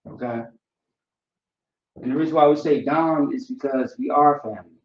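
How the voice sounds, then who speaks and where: A man's voice: mid-range voice, moderate pace. Guy teaching a class, laid back, lots of "you know" and "right?", sounds far off in a roomy classroom. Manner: relaxed, repeats fillers like "you know" and "right?". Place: classroom, writing on a board. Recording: roomy, distant, dull lo-fi sound.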